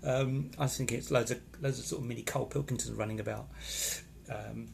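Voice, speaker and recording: A man's voice: mid-range voice, steady tone, a little fast, vocal fry, a little mellow, slight background noise. A man chatting casually on a live stream, rambling and reacting to viewer comments from a hotel room. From England. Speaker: vlogger reading live comments.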